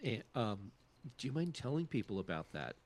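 A man's voice: on the low side, big pitch swings, moderate pace, darkish tone. A man hosting a casual tech podcast, upbeat and loose with lots of fillers as he thanks the sponsor and wraps up. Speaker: podcast host.

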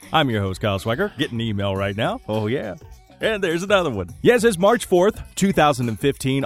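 A man hosting a daily tech news show, delivering the news with jokes and playful asides. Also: mid-range voice. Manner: jokey, animated, playful asides. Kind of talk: comedic tech news roundup.

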